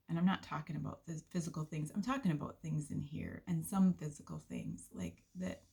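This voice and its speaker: A woman giving an earnest, unhurried devotional talk with soft laughs, sharing a faith testimony from her volunteer work. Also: deep voice, vocal fry, breathy edge.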